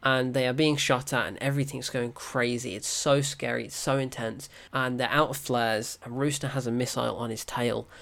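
A reviewer, recapping a film in an excited, animated way, laughing and swearing often. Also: mid-range voice, moderate pace, vocal fry, hardly any pauses.

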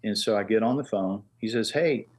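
An older man with a husky, somewhat low voice spins stories as a guest in a relaxed conversation. He talks in an animated way and slips into the voices of the people in his tales. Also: fairly quick. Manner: animated storyteller who acts out quoted voices. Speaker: guest, master engraver. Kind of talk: casual storytelling.

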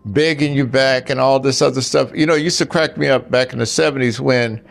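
Over soft background music, an older man speaks at a medium pitch in a steady, creaky voice that moves fairly quickly. His casual monologue gives blunt relationship advice directly to the men listening, with stories along the way.

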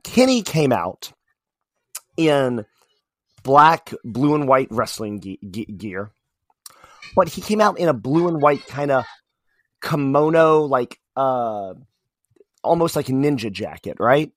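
A man co-hosting a podcast, talking in a casual, animated way with many fillers and restarts. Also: medium pitch, slow, long pauses, no room sound. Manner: animated, rambling wrestling fan talk with fillers. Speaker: podcast co-host. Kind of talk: casual chat.

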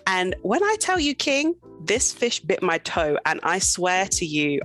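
Lively young woman telling stories. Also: lowish voice, measured pace, hardly any pauses, soft background music. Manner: lively storyteller, laughs often. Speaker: interview guest. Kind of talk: casual conversational interview.

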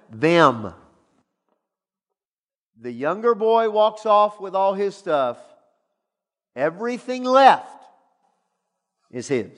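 A middle-aged male pastor preaches in an animated, emphatic way, his voice pitched a little high. His sermon rings out with a long reverb, as in a large church sanctuary.

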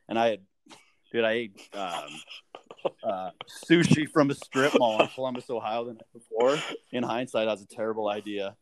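A man's voice: on the low side, no echo. A man talking as a podcast guest, telling easygoing anecdotes full of fillers like "uh" and "like". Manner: laid-back, filler-heavy anecdote telling. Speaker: guest, professional golfer. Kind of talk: casual chat.

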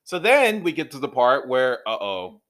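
A man's voice: medium pitch, moderate pace. Chatty man reviewing a movie. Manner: animated retelling with acted-out quotes. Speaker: podcast co-host. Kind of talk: casual movie review chat.

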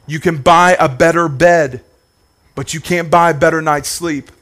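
A high-pitched male pastor preaching with fervor. He rides a sing-song cadence, repeats phrases for emphasis and calls out to the congregation. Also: steady tone, unhurried, fairly bright tone. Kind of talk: sermon.

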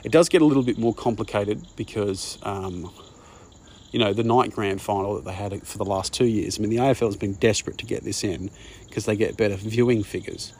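A man's voice: fairly low pitch, fairly quick, a little mellow, a little hiss or hum. A man with an Australian accent, talking casually in a rambling monologue and often saying "mate". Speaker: podcast host.

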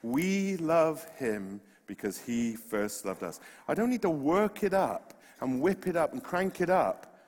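A man with a West Country English accent, from England's West Country, preaches a sermon with earnest passion and humorous asides. His voice sits on the high side and is a little mellow, expressive, and slightly slow. The recording carries a long hall reverb.

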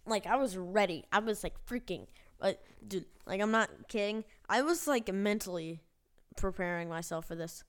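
A woman telling a personal story on her vlog in a rambling, halting way, with casual swearing. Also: medium pitch, lively intonation. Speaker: vlogger.

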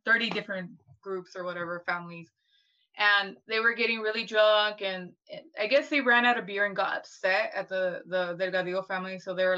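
Woman co-host, bright edgy tone, chatty and rambling, dull lo-fi audio. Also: medium pitch. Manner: rambling, full of "like" and restarts. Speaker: podcast co-host. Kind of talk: casual history discussion.

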